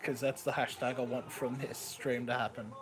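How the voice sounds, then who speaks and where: An Australian man talks into a headset microphone during a casual live stream. He rambles and cracks jokes, and his voice sits at an ordinary middle pitch. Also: flat delivery, normal speed, low-quality recording. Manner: rambling, jokey, laughs often.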